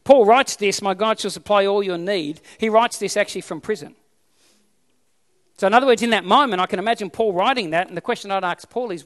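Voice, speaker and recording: A man's voice: high-pitched, a little fast, in a large hall. An Australian man preaching a sermon as pastor, emphatic and repeating his key phrases.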